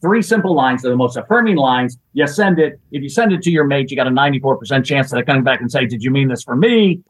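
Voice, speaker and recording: A man telling lively anecdotes as a podcast guest, acting out quotes and laughing as he goes. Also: mid-range voice, quick pace, slightly rough, rough recording. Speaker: guest, executive search consultant. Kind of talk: storytelling in a podcast interview.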